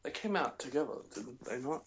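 A man's voice: medium pitch, lively intonation, fairly quick. A man co-hosting a casual podcast, joking and laughing often. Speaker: podcast co-host. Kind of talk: casual chat.

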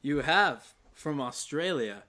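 A man's voice: on the high side, expressive, slow, a loud crowd. A man hosting a podcast in casual, joking chat with his co-host. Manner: joking, wry, chatty.

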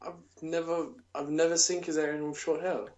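A man's voice: fairly high pitch, little pitch movement, a little fast, a little mellow, lo-fi sound. An Australian man with an Australian accent, co-hosting a podcast in casual, teasing chat. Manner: teasing, playful. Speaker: podcast co-host.

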